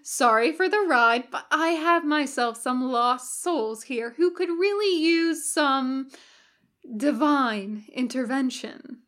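A woman's voice: high-pitched, slow, fairly bright tone. A woman reading a story aloud, voicing a cheerful, sly male demon with a breezy, chatty manner.

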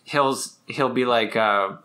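Sex: man. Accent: slight Massachusetts. Role: podcast co-host. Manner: halting, playful. Tone: bright. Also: medium pitch. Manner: halting, restarts and repeats words for laughs. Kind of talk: casual comedic chat. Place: living-room couch at home.

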